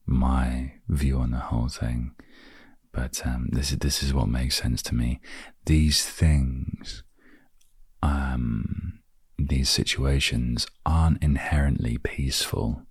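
A man hosts a quiet solo podcast, reading passages and musing on them in an unhurried way. His voice sits extremely low and has a husky, breathy edge. He speaks slowly and softly, and his lines sometimes fade to a near-whisper, recorded dry and close to the mic. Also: no room sound. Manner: soft, unhurried and reflective, trailing into near-whispers. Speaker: podcast host.

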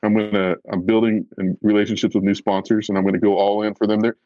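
A man with a low voice talks fast and frankly on a podcast, blunt and earnest. The sound is dry and a little dull and lo-fi, close on the mic. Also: little pitch movement, mellow, no room sound. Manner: blunt, earnest, self-reflective. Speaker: professional bass fisherman, podcast guest. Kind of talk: candid podcast conversation.

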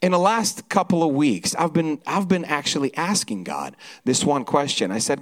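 High-pitched guy hyping up a church crowd, lots of repeats and shouts of amen. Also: normal speed. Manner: energetic, repeats words, rallies the crowd. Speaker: church worship leader. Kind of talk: church service talk.

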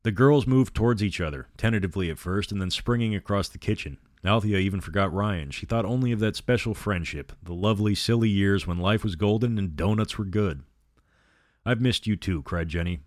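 A man's voice: lowish voice, brisk, hardly any pauses, no room sound, clean studio sound. A man narrating a horror novel aloud, reading every character in his own voice. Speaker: storyteller.

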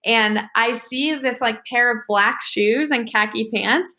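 A woman in her thirties, a guest in a casual interview, telling animated stories and acting out the voices of people in them. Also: a little high, takes it slowly. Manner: animated, acts out quoted voices. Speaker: interview guest, naval aviator and author.

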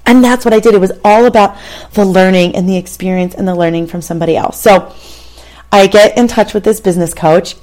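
A fairly low-pitched, darkish voice belongs to a woman in her thirties who hosts a show. In a casual storytelling monologue, she talks candidly and conversationally about something personal, addressing the listener directly.

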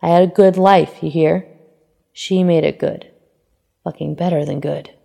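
A woman reading fan fiction aloud, voicing a cranky, grouchy elderly man who talks curtly and swears, with a tender streak under the gruffness. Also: deep voice, steady tone, measured pace, mellow, full character voice. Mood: gruff tender. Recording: long hall reverb.

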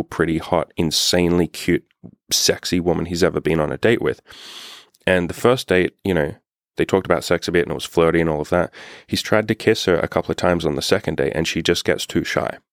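A man with a deep, low voice tells a story in a loose, chatty way, swearing freely and piling up fillers. He is a dating coach talking straight to his viewers. The sound is close and dry, with no room echo. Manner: blunt, profane, filler-heavy storytelling. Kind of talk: casual storytelling monologue.

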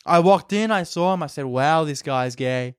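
A man doing an impression of a pompous, self-satisfied male politician with a slow, repetitive, boastful cadence. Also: a little high, smooth, dry recording, clean studio sound, lightly acted. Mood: smug.

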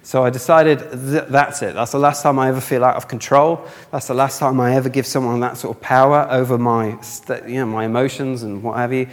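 Storytelling preacher in a reverberant hall. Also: male voice, medium pitch, brisk, hardly any pauses. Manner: animated, acts out characters in his stories. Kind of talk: sermon with storytelling. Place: church hall with live audience.

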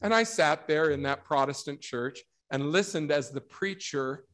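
Animated male speaker telling stories. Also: on the high side, measured pace, few pauses. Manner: storytelling, animated, acts out quotes. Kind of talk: religious talk.

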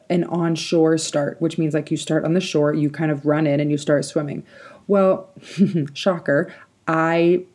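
A young adult woman hosting a solo podcast, telling a personal story in a lively, chatty way full of fillers and laughs. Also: fairly low pitch. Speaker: podcast host.

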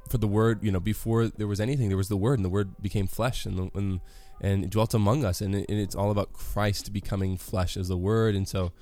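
A man's voice: fairly low pitch, fairly even intonation, brisk, hardly any pauses, a little mellow, soft background music. A man giving a casual devotional talk on a worship song, rambling and correcting himself with many fillers.

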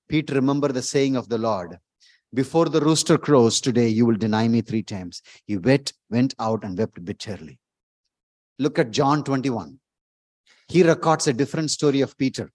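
A man preaching a sermon as pastor, emphatic, repeating words and rising to loud exclamations. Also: medium pitch, no room sound.

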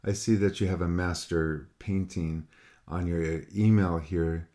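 A man with a low voice explains painting to a student over a call. He talks loosely and rambles, repeating words and acting out student replies in other voices. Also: steady tone, unhurried, mellow. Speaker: painting teacher. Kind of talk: casual one-on-one critique talk.

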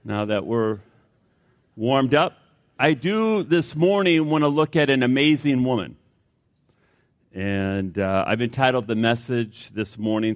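A middle-aged man preaching a sermon. He opens with a folksy joke and then prays in a hushed, earnest voice. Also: mid-range voice, animated, measured pace. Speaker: pastor.

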